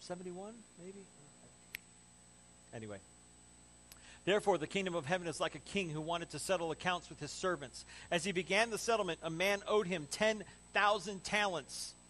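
A man preaching a sermon in an animated, conversational way with joking asides, as pastor. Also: high voice, brisk, a little hiss or hum, poor audio.

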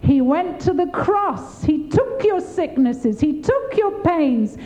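A woman's voice: slow, rough recording. An older woman preaching a sermon, encouraging and often laughing as she speaks. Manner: warm, laughing, encouraging, lively pitch swings.

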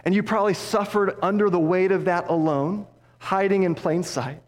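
A man's voice: steady tone, normal speed. Passionate male pastor in a reverberant hall. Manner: passionate preaching, drops low and soft for emphasis. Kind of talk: sermon.

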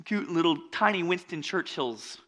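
Bright-voiced joking male pastor. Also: fairly high pitch, moderate pace. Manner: conversational, joking asides; swings from loud and lively to quiet. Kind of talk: sermon.

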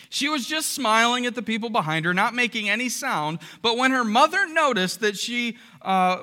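A pastor with a high, sharply bright voice preaches to his church congregation in a loose, conversational way. He keeps turning to the room with questions and little "right?" checks. His words ring out with a long hall reverb. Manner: asks the congregation rhetorical questions, often tags "right?". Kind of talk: conversational sermon.

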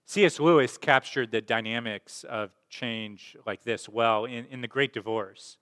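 A male pastor giving a sermon in an easy, conversational way, pausing on fillers and repeating words. His voice sits at a middle pitch. A long reverb trails each phrase, as in a large church. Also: fairly bright tone, clean tone.

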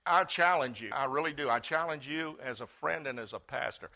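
A middle-aged man preaching a sermon, swinging between loud fervent cries and quiet earnest talk. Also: medium pitch, a little fast, vocal fry. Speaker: pastor.

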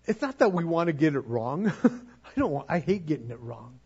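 Earnest pastor with a soft husky voice. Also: male voice, fairly high pitch, big pitch swings, moderate pace, dull audio. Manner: earnest, repeats words when stirred, pleading. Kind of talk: sermon.

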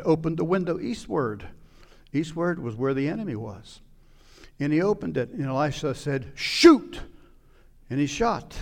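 A man preaching a sermon, retelling a scripture story and acting out its scenes with sudden loud outbursts. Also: on the high side. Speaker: pastor.

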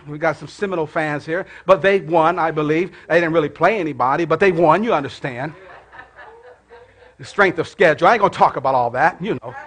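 A middle-aged man preaching a sermon in church, calling out to the congregation and dropping to hushed prayer. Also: fairly high pitch. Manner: call-and-response preaching, rising to shouts and dropping to hushed prayer. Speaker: pastor.

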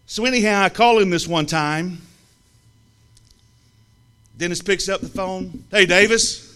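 A man from the American South, telling a humorous story to an audience in a lively, teasing way with comic pauses. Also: sits high, clean tone. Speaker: speaker telling a story about a friend.

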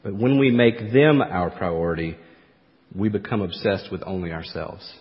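A man preaching a sermon as pastor, swinging from emphatic, forceful peaks to quiet, low asides. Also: normal speed, big-room sound, muffled recording.

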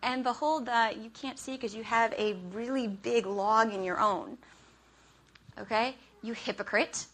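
A woman's voice: a little high, moderate pace, a bit bright. A woman preaching a sermon in a conversational way, often checking in with "okay?" and acting out her own frustration.

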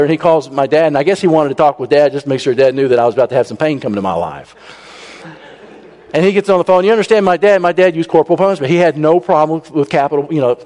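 A man telling a humorous personal story to a congregation, animated and acting out the people he quotes. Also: fairly high pitch. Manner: animated, raises his voice when he quotes people. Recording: long reverb in a large hall.

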